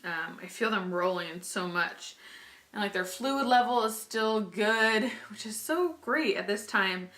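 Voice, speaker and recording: Her voice sits in the mid range, a bit bright, with lively intonation and an unhurried pace. This young woman, heavily pregnant, vlogs casually to camera, full of "like," restarts and little laughs.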